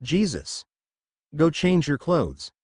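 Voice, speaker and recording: A man's voice: fairly high pitch, huge pitch swings, slow, darkish tone, slightly rough, no room sound, clean studio sound, full character voice. A man reading the lines of a scornful middle-aged witch woman with a slight Southern US accent, in a storybook reading. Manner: scornful, commanding.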